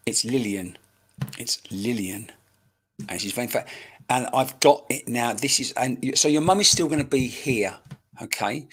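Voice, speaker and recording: A man's voice: mid-range voice, fairly bright tone, breathy edge. A man working as a psychic medium, giving a live-streamed reading in a searching, chatty way and speaking straight to viewers by name, into a computer microphone.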